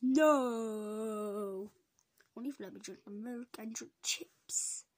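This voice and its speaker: A woman's voice: on the high side, a little slow, a little mellow, no echo. A woman voicing a cheerful, boastful cow who pushes his way in as a houseguest. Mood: pleading.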